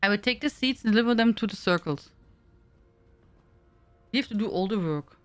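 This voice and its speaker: A woman's voice: medium pitch, animated, brisk, dry recording, soft background music, lightly acted. A woman voicing an earnest young druid hero. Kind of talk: video game dialogue.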